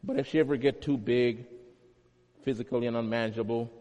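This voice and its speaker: A man's voice: medium pitch, fairly even intonation, a little fast, warm tone, lo-fi sound. A male pastor preaching a sermon, teaching with emphatic repetition and homely everyday examples. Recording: long hall reverb.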